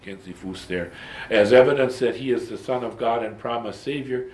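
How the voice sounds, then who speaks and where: A man's voice: medium pitch, moderate pace. A man teaching a Bible study lecture, emphatic and digressive, breaking off for asides and restarts.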